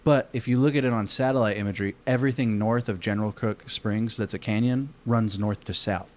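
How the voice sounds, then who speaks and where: A man's voice: fairly low pitch, steady tone, fairly quick, darkish tone, slight background noise. A man from Arizona telling a long story on a casual podcast, rambling with lots of fillers and swearing. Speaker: podcast co-host.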